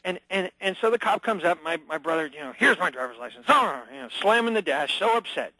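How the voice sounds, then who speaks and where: A man's voice: sits high, expressive, brisk, pushed and bright, no room sound, low-quality recording. A man as a radio show guest, talking with energy and emphasis, acting out short scenes as he explains. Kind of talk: phone-in radio interview.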